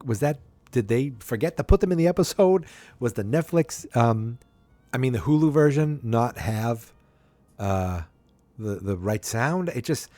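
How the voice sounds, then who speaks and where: A man at a mid pitch talks through a sitcom episode in an easy, meandering recap. He stumbles over words, fills pauses with ums and pops up higher to mimic the characters. The sound is dry and close. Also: lively intonation, warm tone, dry recording. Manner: rambling, with frequent ums and restarts; acts out characters' quotes in a higher voice.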